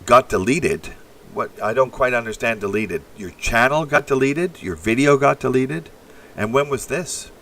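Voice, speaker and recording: A man's voice: mid-range voice, normal speed, fairly bright tone, far from the mic. A man from Canada hosting a casual livestream, rambling bluntly and crudely as he reacts to chat messages. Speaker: livestream host. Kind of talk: casual live-stream chat.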